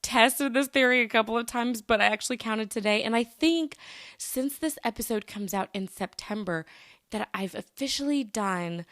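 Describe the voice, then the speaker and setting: A woman's voice: on the high side, normal speed, fairly bright tone, dry recording, studio quality. A young adult woman hosting her own podcast, chatting casually in a bubbly, upbeat way with frequent laughs and happy exclamations. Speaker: podcast host. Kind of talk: casual solo podcast chat.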